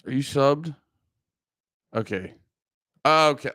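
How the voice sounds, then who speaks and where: Unhurried and smooth, a man with an expressive medium-pitched voice streams live into a close desk mic, with no room sound. He keeps the chat casual, swears a lot and teases his audience brashly.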